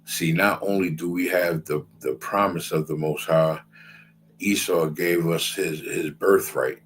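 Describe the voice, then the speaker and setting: A man's voice: sits low, fairly even intonation, unhurried, a little hiss or hum, poor audio. A man giving a casual scripture lecture in a repetitive, conversational way, often checking in with his listeners. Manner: repetitive, conversational, keeps asking "you understand?". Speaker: religious class teacher.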